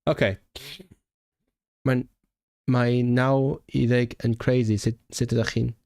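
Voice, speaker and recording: A man's voice: medium pitch, little pitch movement, takes it slowly, creaky, a little mellow, dry recording. A young man from Hong Kong chatting on a livestream as a language-learning streamer, reading viewer questions aloud, laughing often and restarting words, into a big microphone close to his face. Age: young adult. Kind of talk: casual livestream Q&A. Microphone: large microphone close to the face.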